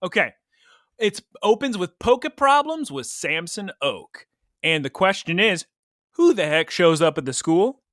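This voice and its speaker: A man's voice: sits high, big pitch swings, measured pace, a bit bright, dry recording, studio quality. A man co-hosting a podcast in casual chat, playful and teasing. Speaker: podcast co-host.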